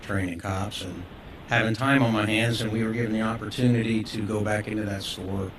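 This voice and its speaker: Man near seventy, lowish pitch, earnest heartfelt delivery at a council podium; noisy chamber audio. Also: fairly even intonation, fairly quick. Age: 60s. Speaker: business owner speaking at public comment. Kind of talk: personal public comment at a council meeting.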